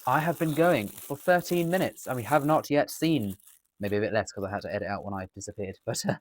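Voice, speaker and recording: Indoors at a table, an English coin dealer chats through an unboxing in a mid-range voice at a fairly quick pace. His casual commentary rambles, and he corrects himself as he goes.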